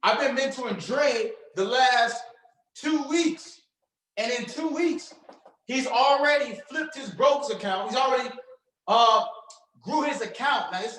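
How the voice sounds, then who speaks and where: A man coaching an audience on social media and trading, energetic and preachy, with slang and call-and-response questions. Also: very high voice, measured pace, echoey room, low-quality recording. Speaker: trading mentor. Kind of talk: motivational coaching talk.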